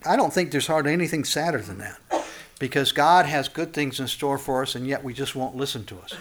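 A pastor delivering a sermon and reading scripture, impassioned, his voice climbing high and loud on warnings and then dropping low and soft. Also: a little fast, slight background noise.

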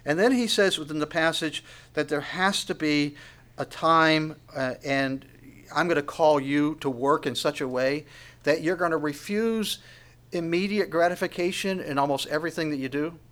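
A man's voice: fairly high pitch, a bit bright. A middle-aged man preaching a sermon in an earnest, emphatic way, often restarting his sentences and acting out quotes.

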